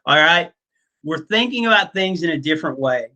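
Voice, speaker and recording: Bright-voiced, easygoing male teacher. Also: a little high, animated, normal speed, poor audio. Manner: casual, joking, many fillers. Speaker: history teacher. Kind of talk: classroom lecture.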